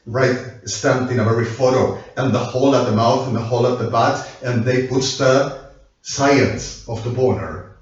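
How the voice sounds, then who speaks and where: Rambling man, echoey. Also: medium pitch. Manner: rambling, mixes languages, keeps apologizing. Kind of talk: rambling monologue. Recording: echoey, distant, dull lo-fi.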